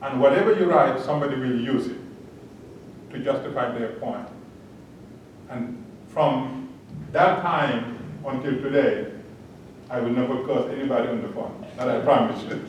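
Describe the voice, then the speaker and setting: A man speaks at a moderate pace with long pauses, responding on a panel during a public talk. He tells a personal story earnestly and chuckles at his own jokes. He's recorded from a distance in a large, echoey lecture hall with a faint rumble.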